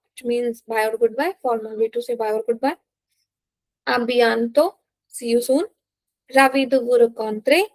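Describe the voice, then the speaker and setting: Slow, patient woman teaching beginner French. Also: a little high, a little mellow, no echo. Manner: patient, repeats words, says "okay?" often; non-native English phrasing. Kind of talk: slow beginner language lesson.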